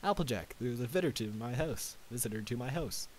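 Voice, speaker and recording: A man's voice: medium pitch, expressive, fairly quick, natural voice. Man voicing an anxious young unicorn mare. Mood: worried. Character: young female unicorn pony, earnest and anxious. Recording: faint tape hiss.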